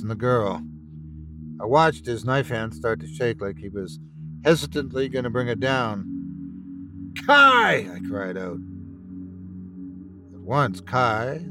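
A man narrating a first-person horror story with tense, dramatic delivery. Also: mid-range voice. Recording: with background music.

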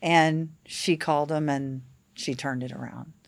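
Low-voiced woman telling yacht stories. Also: unhurried, vocal fry, no echo. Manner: animated anecdotes with acted-out quotes. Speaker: guest, yacht captain. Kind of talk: casual podcast storytelling.

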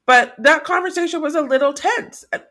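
A woman with a fairly high voice co-hosts a casual recap podcast. She reasons her points out loud, thoughtful and measured, and pauses on small fillers as she works through them. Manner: thoughtful, analytical, with hesitant fillers. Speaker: podcast co-host.

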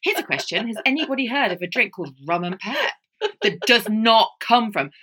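Bright, incredulous Southern English woman. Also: fairly high pitch, expressive, slightly rough. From Southern England. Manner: quick reactions, incredulous questions. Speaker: podcast co-host. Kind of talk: casual chat.

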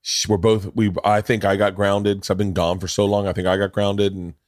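A middle-aged man hosts a podcast in a loose, rambling way. He swears freely and jumps into other people's voices as he tells his stories. His voice sits fairly low, and the sound is dry and close. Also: level tone, a little fast, darkish tone, no room sound. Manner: rambling, profane storytelling that acts out other people's lines. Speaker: podcast host. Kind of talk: casual chat.

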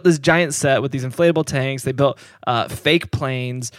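Male podcast host, mid pitch, loose rambling storyteller, close dry mic. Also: moderate pace, no room sound. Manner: rambling, many fillers, laughs a lot. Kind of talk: casual chat.

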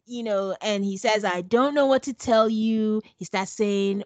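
A woman's voice: mid-range voice, measured pace, hardly any pauses, a little mellow, dry recording. A woman co-hosting a casual recap chat, blunt and sarcastic as she retells what happened. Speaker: podcast co-host.

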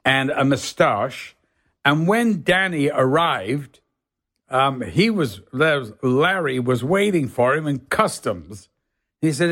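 An older man from England, a guest telling stories in casual conversation, acting out the people in them with lively put-on voices. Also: mid-range voice, slow pace. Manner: animated, acts out the people in his stories in shifting voices. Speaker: guest actor telling anecdotes. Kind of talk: casual podcast storytelling.

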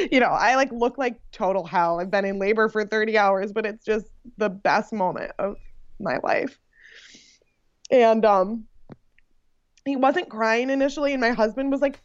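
A young woman telling her birth story in a casual, animated way, full of "like" and laughs. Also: mid-range voice, no room sound, muffled recording. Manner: animated, frequent "like" fillers and laughs. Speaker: podcast guest sharing her birth story.

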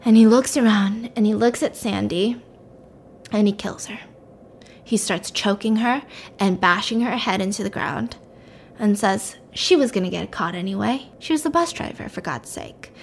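A woman casually retelling a story with animated, chatty asides. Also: mid-range voice, normal speed, a little hiss or hum. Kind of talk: casual plot recap.

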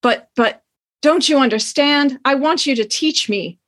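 A woman's voice: high voice, measured pace, fairly bright tone, voice pushed up. A woman reading aloud as a flustered, lovestruck young man who pleads in a choked voice. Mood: pleading. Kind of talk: dramatic reading of a novel.

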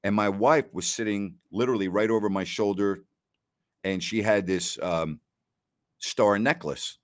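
A man's voice: lowish voice, a little slow. A middle-aged man from New York hosting a casual talk show, chatting with stream listeners and telling stories where he often repeats words and quotes people.

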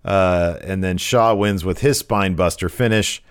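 Low-voiced male co-host, animated and jokey in relaxed chat. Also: measured pace, smooth. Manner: animated, joking, rambling. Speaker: podcast co-host. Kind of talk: casual chat recapping wrestling.

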